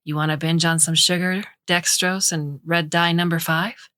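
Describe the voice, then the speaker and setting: A woman voicing a household robot that speaks as a playful late mother, husky, with a Brooklyn accent. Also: lowish voice, little pitch movement, normal speed, fairly bright tone, no echo, clean studio sound, natural voice. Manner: teasing, affectionate.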